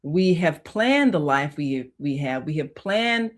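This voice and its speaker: Brief: female radio host, deep voice, heartfelt spiritual storytelling, shifts from hushed to loud. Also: expressive, slow pace. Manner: emotional, swings from hushed to loud; conversational, many "you know" fillers. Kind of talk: personal storytelling on spiritual topics.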